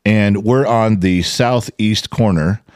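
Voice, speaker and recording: A man's voice: lowish voice, slow pace, dry recording, clean studio sound. A man co-hosting a podcast, telling a story in casual chat, cursing and acting out what people said. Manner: animated, profane, acts out quotes loudly. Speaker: podcast co-host.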